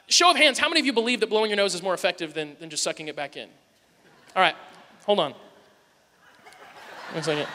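A man's voice: high-pitched, pushed and bright. A man in his thirties, a pastor giving a conversational sermon to his congregation with humorous stories, with a chuckling storytelling manner. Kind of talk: casual sermon with personal stories. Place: large church hall before a congregation. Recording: long echo of a church hall.

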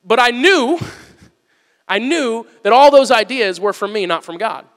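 A man preaching a sermon as pastor, telling a story with lively swings from loud excitement to hushed, earnest asides. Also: very high-pitched, measured pace. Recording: long hall reverb.

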